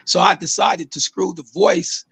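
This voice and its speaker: A man's voice: sits high, fairly even intonation, a little slow, gravelly, fairly bright tone, slightly rough. A man, a music artist, talking loosely and at length about his songwriting in a casual interview, swearing often.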